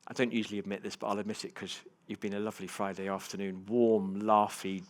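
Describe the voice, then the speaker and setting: A man giving a motivational keynote to a live audience, telling personal stories with big swings between hushed and loud delivery. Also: fairly low pitch, level tone, fast. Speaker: keynote speaker. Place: conference stage before a live audience.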